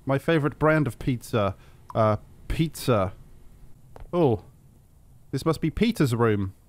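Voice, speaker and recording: A man's voice: medium pitch, expressive, slow pace. A young man giving casual, sarcastic gameplay commentary, swearing freely and yelping when startled. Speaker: gaming commentator.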